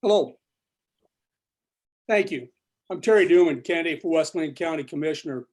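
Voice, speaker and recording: A man with a somewhat high but mellow voice delivers a prepared campaign statement. He speaks briskly and keeps to the point. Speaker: candidate. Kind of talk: opening statement at a forum.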